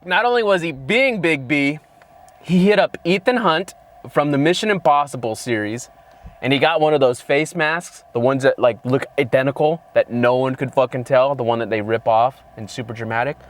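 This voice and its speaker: A man's voice: mid-range voice, normal speed. A man co-hosting a casual movie review, ranting sarcastically with constant swearing and exasperation. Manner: heavily profane, exasperated, sarcastic. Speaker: movie reviewer, channel co-host.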